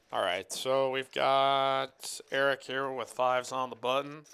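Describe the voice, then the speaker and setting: A man's voice: medium pitch, fairly even intonation, slow, creaky, pushed and bright, clean tone. A man commenting live on a poker final table, rambling about football and reading viewer chat in a joking, casual way. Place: card room commentary booth.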